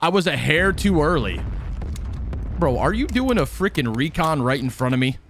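A man giving casual, chatty gameplay commentary, excitable and self-mocking, breaking into yelps when things go wrong. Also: fairly high pitch, normal speed, a little hiss or hum. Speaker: gaming video creator.

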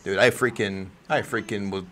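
A man hosting a casual livestream, reacting to wrestling, swearing freely and breaking into loud yells. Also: lowish voice, steady tone, normal speed. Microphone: desk microphone.

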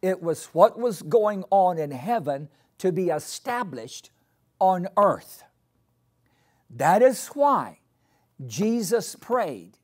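A man preaches a sermon at an unhurried pace. His voice swings widely in pitch as he drives home each point, repeating key phrases and calling the congregation to repeat them after him. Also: sing-song. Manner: leads the congregation in call-and-response. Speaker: pastor.

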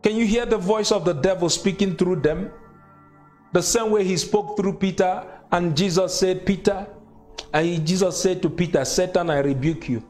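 A man's voice: sits high, normal speed, a little mellow, soft background music. A man whose first language is not English preaches a sermon, repeating phrases with emphatic, consoling delivery.

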